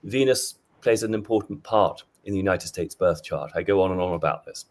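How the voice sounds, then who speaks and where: A man's voice: low-pitched, a little fast. A man speaking as a guest on a roundtable podcast, rambling at length about astrology. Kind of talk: casual roundtable chat.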